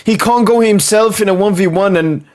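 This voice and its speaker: A young man hosting a live football watchalong, reacting loudly and swearing at the match. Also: high voice, normal speed. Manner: excitable, swears and shouts at the screen.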